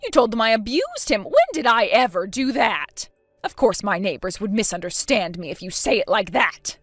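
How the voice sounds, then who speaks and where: A woman's voice: medium pitch, very animated, moderate pace, fairly bright tone, no echo, clean studio sound, faint music behind. A woman voicing a scheming, spiteful elderly grandmother in a texting story, talking defensively and full of self-pity. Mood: indignant. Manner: defensive, indignant, self-pitying.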